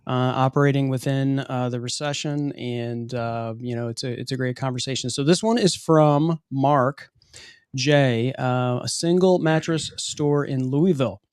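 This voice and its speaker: A man's voice: mid-range voice, measured pace, a little mellow, smooth, no room sound, studio quality. A man co-hosting a live question-and-answer show, upbeat and full of fillers as he reads out viewer questions. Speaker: co-host and moderator.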